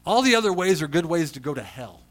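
A man preaching a sermon as a pastor. He swings from quiet storytelling to loud emphasis and often repeats words when he restarts. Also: a little high, sing-song, fast talker.

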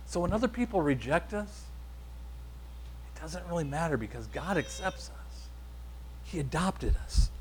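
A man's voice: on the high side, lively intonation, unhurried, pauses often, a little mellow, a little hiss or hum. A man preaching a sermon, building emphatic repeated declarations and leading the congregation to say lines back. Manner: emphatic repetitive declarations, leads congregation call-and-response.

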